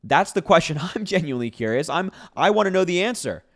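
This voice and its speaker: A man's voice: high voice, very animated, fast talker, fairly bright tone. A man giving casual political commentary to camera, sarcastic and incredulous as he reacts to posts, breaking into laughs between points.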